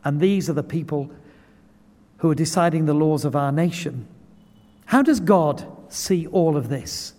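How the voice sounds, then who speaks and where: A man's voice: a little high, expressive, unhurried, darkish tone. A man preaching a sermon, earnest and building to impassioned pleading. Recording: long hall reverb.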